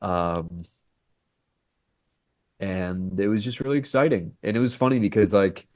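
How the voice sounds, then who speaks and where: A male actor speaking as a podcast guest, his voice sitting a little low. He tells stories in a loose, animated way, slipping into the voices of the people he quotes. The sound is dry and close, with no room echo. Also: unhurried. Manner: animated storyteller who acts out quoted dialogue. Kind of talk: casual podcast interview.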